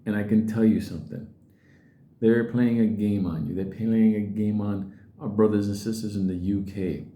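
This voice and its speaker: A man's voice: fairly low pitch, steady tone, moderate pace, mellow, echoey room, highs cut off. A middle-aged man ranting casually to his viewers, blunt and profane, who often mimics other people's voices. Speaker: crypto video host.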